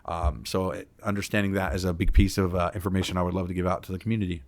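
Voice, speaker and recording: A man's voice: low voice, level tone, rapid-fire. A man on a community town hall panel, explaining treatment barriers earnestly with frequent fillers. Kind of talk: panel discussion talk.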